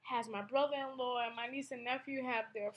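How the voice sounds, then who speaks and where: High-voiced young woman, halting and emotional. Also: fairly even intonation, lo-fi sound. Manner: halting and emotional, with many fillers and restarts. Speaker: blogger. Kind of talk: personal confessional monologue.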